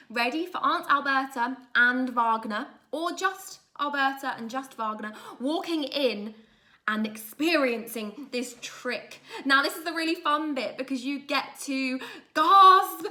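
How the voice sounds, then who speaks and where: Bright, upbeat woman leading a workshop. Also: a little high. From United Kingdom. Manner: upbeat and encouraging, lively teacherly delivery. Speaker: drama workshop leader. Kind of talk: instructional talk to families.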